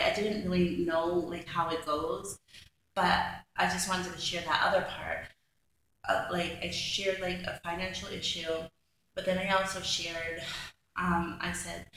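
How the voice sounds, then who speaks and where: A woman vlogger chats through a story, exasperated and full of fillers. Her low voice is gravelly with fry. The room around her rings with heavy echo. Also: fairly bright tone. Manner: chatty, exasperated retelling with many fillers. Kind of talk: casual storytime vlog. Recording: very echoey room with faint background noise.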